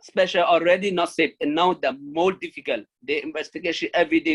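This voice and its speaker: Pleading man from Myanmar, halting English. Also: a little high, breathy edge, low-quality recording. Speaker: refugee speaker. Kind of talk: speech at an online launch event.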